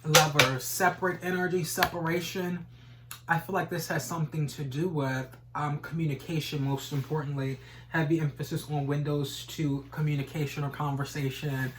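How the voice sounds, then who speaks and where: A man's voice: on the high side, little pitch movement, moderate pace, heavy background noise. A man giving a casual tarot reading, rambling and repeating stock phrases, swearing now and then. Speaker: tarot reader.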